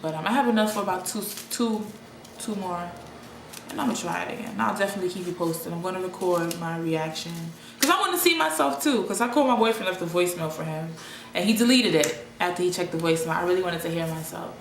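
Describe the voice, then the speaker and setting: A young woman rambles through a casual vlog monologue, restarting her sentences as she goes. Her voice sits somewhat low, and the echoey room carries a faint hum of ambient noise. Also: lively intonation, fast. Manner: rambling, chatty, with frequent restarts and laughs. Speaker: vlogger.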